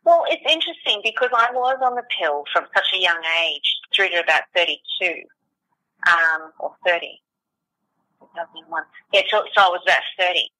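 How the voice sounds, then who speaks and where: Podcast co-host, woman, bright voice, dry close sound, frank and personal. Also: on the low side, expressive, normal speed, no echo, rough recording. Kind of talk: casual chat.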